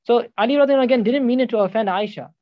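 A man preaching a sermon, animated and emphatic, telling a dramatic story. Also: very high voice, racing, no echo, lo-fi sound.

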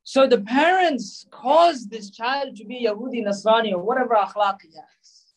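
A man's voice: very high voice, moderate pace, poor audio. A man preaching a sermon, emphatic and full of rhetorical questions. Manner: emphatic, rhetorical questions, mixes in Urdu and Arabic phrases.

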